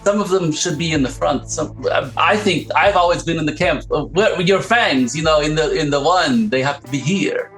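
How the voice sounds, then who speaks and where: A man's voice: on the high side, normal speed, few pauses, fairly bright tone, faint music behind, poor audio. A man voicing a flustered male vampire enthusiast in a tabletop game, stammering and hesitant. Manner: stammering, hesitant, laughs often. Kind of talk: tabletop role-play in character.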